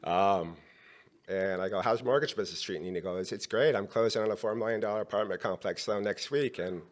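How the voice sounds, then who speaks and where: A man's voice: fairly low pitch, a little fast. A middle-aged man, a podcast guest, telling a long personal story and acting out the dialogue of the people in it.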